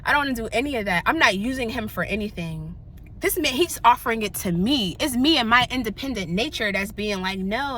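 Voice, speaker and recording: A young woman vlogging in candid casual chat, animated and slangy, often laughing. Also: on the high side, slight background noise.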